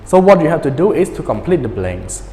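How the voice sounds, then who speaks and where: A man's voice: on the high side, big pitch swings, dark tone. A male teacher in a pronunciation lesson, patiently repeating words and checking in with his students. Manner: patient, repeats words slowly, many fillers and checks like "okay?". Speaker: English teacher. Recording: echoey room with long reverb.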